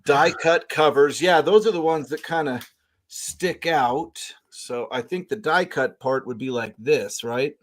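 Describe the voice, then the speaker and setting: A man's voice: a little high, unhurried. A man hosting a casual online chat about books, joking and rambling. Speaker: podcast host.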